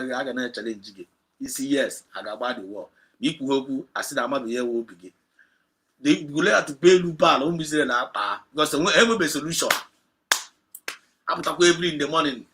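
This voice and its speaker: Nigerian man preaching with bright emphasis. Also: mid-range voice. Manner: mixes Igbo and English, rises to loud emphatic peaks. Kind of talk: sermon retelling a Bible story.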